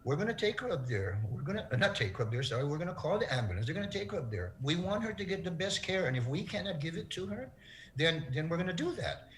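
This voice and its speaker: A middle-aged man speaking as an interview guest, telling a personal story in an earnest, halting way, his voice breaking with emotion. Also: on the high side, very animated, slight background noise.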